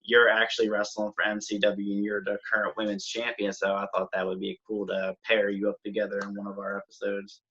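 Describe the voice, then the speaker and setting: A man hosting a wrestling podcast who talks in a relaxed, loose way with lots of fillers. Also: lowish voice, brisk, few pauses, slightly rough. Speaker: podcast host. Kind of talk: casual interview chat. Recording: dull lo-fi sound.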